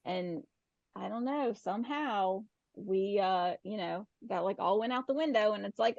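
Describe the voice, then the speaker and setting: A woman's voice: mid-range voice, moderate pace, creaky, a little mellow, dry recording. Chatty woman with a dull, dry sound. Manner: laughs easily, casual filler-heavy talk. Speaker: podcast co-host. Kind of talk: casual chat.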